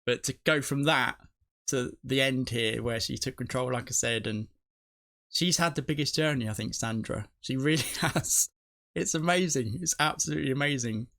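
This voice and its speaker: This TV reaction channel host speaks at a normal speed in a medium-pitched, creaky, fairly bright male voice. He talks casually and emotionally, thinking aloud and often restarting his sentences.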